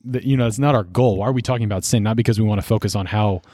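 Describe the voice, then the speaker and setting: A young man with a lowish voice co-hosts a casual faith podcast. He explains things earnestly, with a gently preachy lean. The sound is close and dry, with no room around it. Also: very fast, dry recording. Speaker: podcast co-host, seminarian.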